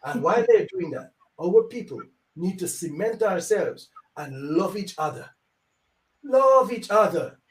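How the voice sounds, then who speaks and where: An older man speaking as an elder guest on a live show, preachy, repeating phrases for emphasis and swinging between loud and quiet. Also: sits high. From Africa. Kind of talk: impassioned live show monologue. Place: home. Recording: roomy, distant mic.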